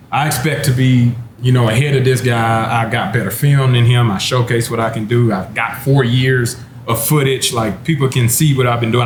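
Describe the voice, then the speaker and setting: A man's voice: medium pitch, slight background noise. Laid-back man telling a laughing story. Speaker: former NFL running back, panelist. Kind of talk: casual storytelling chat. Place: wine bar, indoors. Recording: roomy with faint ambience.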